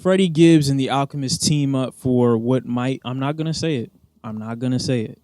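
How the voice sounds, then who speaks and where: A man reviewing songs casually, with blunt opinions, jokes and swearing, and loud animated bursts. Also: mid-range voice, normal speed, dry recording. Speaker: music reviewer. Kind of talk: casual music review vlog.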